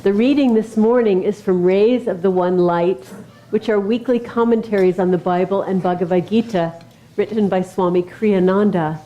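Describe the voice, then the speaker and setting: A woman minister with a warm, mellow voice leads a service. She welcomes everyone and then reads scripture in a calm, measured and formal way. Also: medium pitch, dull audio.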